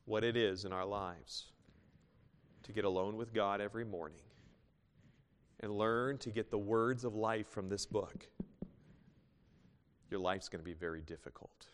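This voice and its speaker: Male pastor, lowish voice, sermon delivery with loud peaks and whispered asides, reverberant sanctuary. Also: clear, resonant tone. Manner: swings between loud emphatic bursts and soft hushed asides. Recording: long hall reverb.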